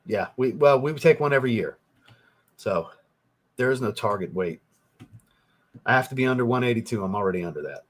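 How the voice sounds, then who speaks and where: A man's voice: mid-range voice, lively intonation, fairly quick, pauses often. A young man, hosting a casual livestream and reading viewer comments, rambling and swearing as he gets worked up. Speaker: livestream host, fragrance reviewer.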